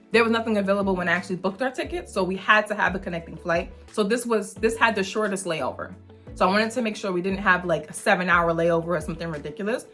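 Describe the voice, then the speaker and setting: A woman's voice: mid-range voice, fairly bright tone. A middle-aged mother telling a travel story in a casual, chatty way, sometimes acting out the people she quotes.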